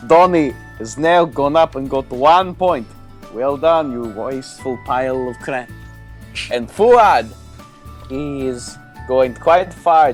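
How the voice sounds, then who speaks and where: A podcast co-host reading out scores with mock insults and jokes. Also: medium pitch. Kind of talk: comedic podcast banter.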